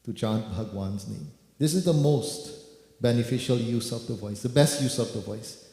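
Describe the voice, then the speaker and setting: A man leading kirtan preaches in a temple hall, addressing the devotees and repeating words to drive points home. He has a mellow mid-range voice and speaks at normal speed, with music and echo audible in the hall.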